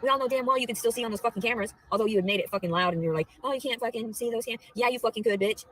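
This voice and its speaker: Fast, foul-mouthed young woman ranting. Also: a little high, fairly bright tone, rough recording. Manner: rambling, swears constantly, swings between murmurs and outbursts. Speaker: vlogger. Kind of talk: profane personal rant.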